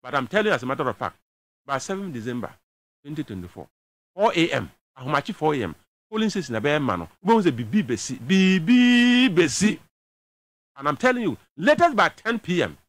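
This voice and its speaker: A man's voice: fairly high pitch, sing-song, quick pace, fairly bright tone, no room sound. A man with a Ghanaian accent giving emphatic political commentary on a talk show, switching between a local language and English.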